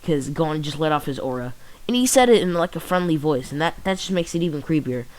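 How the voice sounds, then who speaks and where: A man casually retelling a fan story, rambling and halting, full of fillers and restarts. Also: fairly high pitch, animated, a little mellow, rough recording. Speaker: channel host.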